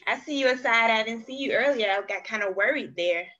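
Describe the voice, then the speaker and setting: Woman facilitator, slightly high, bright tone; encouraging, spells words out slowly on a video call. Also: dull audio. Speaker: study group facilitator. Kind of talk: online group language lesson.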